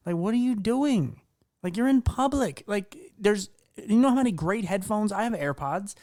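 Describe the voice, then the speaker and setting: Rambling podcast host, dry close mic. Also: male voice, high-pitched, expressive, normal speed, a little mellow, no echo. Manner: rambling, filler-heavy storytelling. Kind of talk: casual podcast interview.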